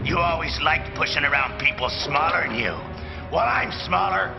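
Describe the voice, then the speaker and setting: An actor playing a gruff, feral short male mutant hero who snarls his threats in a cartoon. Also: on the high side, moderate pace. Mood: furious. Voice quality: gravelly, snarling. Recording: loud cartoon music behind.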